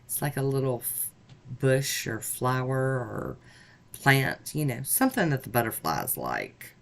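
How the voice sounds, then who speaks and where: A woman vlogger chatting upbeat and warm-heartedly as she talks viewers through each step of her nail art. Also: very deep voice, very animated, a little slow, vocal fry. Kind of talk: casual tutorial narration.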